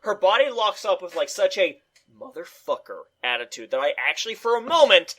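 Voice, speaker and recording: Animated, bright-voiced man ranting. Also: sits high, a little fast. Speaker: co-host reviewing movies. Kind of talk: casual podcast chat.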